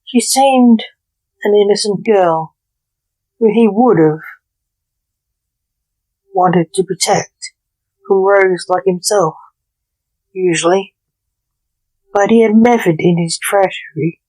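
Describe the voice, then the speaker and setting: Slow-reading woman storyteller. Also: medium pitch, mellow, low-quality recording. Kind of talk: story narration.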